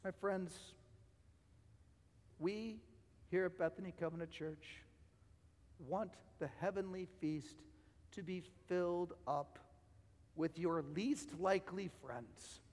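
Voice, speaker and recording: Male preacher, high-pitched, rhetorical build-ups, voice fraying, hall reverb. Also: slow, pauses often. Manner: rhetorical, repeats phrases, swings from loud to quiet. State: losing his voice. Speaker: pastor. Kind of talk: sermon. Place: church sanctuary.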